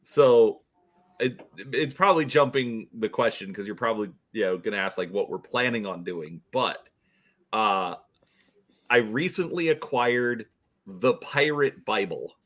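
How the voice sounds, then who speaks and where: A man chatting casually in a lively way, laughing often. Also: lowish voice, a little slow. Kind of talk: casual chat.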